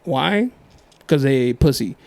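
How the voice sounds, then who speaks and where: A young man hosting a casual podcast, joking and teasing as he tells quick stories. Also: mid-range voice, animated, creaky, darkish tone. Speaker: podcast host. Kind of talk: casual chat.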